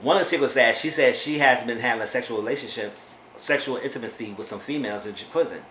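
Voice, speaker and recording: A man chats through a reality show recap, animated and quick to talk back at the people on screen. His mid-pitched voice bounces around a roomy space, with a faint hiss underneath. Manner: animated, talks back to the characters. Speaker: YouTube reality-TV reviewer. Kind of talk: casual chat recap. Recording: roomy echo, faint background noise.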